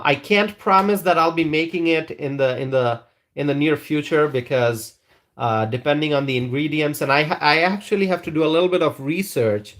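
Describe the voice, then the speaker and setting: A man's voice: fairly high pitch, a bit bright. A man hosting a live stream, chatting casually with viewers and reading their comments in a rambling, hesitant way. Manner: rambling, hesitant, with frequent restarts.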